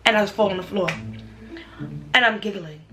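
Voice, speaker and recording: A young woman, telling a personal story for her vlog in an animated, slangy way. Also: mid-range voice, a little fast, soft background music. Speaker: vlogger.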